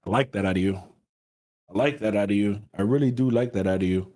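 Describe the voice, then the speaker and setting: A man's voice: on the low side, fast talker, mellow. A young man co-hosting a morning talk show, laid-back and profane, drawing out his reactions. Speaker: co-host. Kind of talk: casual profane banter.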